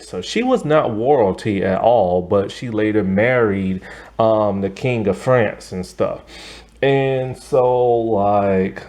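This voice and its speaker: A man's voice: mid-range voice, a little mellow. A man casually recapping a TV episode in a chatty way, with many fillers and frequent laughs. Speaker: TV show reviewer.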